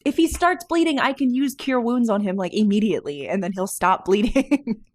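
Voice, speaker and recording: A woman's voice: on the high side, animated, normal speed, dry recording. A woman playing a tabletop role-playing game, talking through plans casually and laughing easily. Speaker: player.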